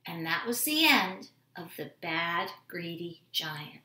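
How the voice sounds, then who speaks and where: A woman reading a children's storybook aloud at home, expressive and animated. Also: lowish voice, slow, echoey room, slight background noise. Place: home room with dogs.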